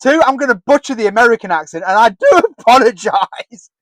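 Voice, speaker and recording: A man with a high voice co-hosts a casual podcast on a headset mic. He is jokey and quick to laugh, and the sound is dry and close, with no room in it. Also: lively intonation, fairly bright tone, dry recording. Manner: jokey, laughs often, sings snatches of songs. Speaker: podcast co-host. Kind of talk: casual chat. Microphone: headset with earpiece.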